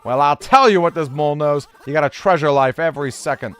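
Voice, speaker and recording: A man's voice: on the high side, fast talker, a bit bright, clear, resonant tone, natural voice. A man voicing a short-tempered male mole with a put-on New York accent, lecturing in sarcastic tough-guy slang. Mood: scolding lecture.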